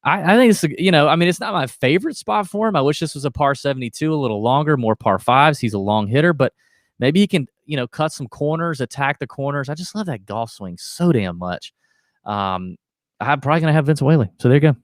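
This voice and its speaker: This man, co-hosting a golf betting podcast, has a fairly high, expressive voice and talks a little fast. He rambles, jokes, and often breaks off mid-sentence in casual chat. The recording is dry, with clean studio sound.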